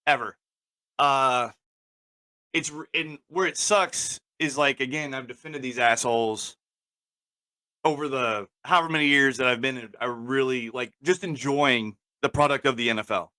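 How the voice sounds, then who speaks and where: A man's voice: medium pitch, unhurried, pauses often, bright, forceful tone, dry recording. A man co-hosting a casual talk show, swearing freely and working himself up to angry outbursts. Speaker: podcast co-host.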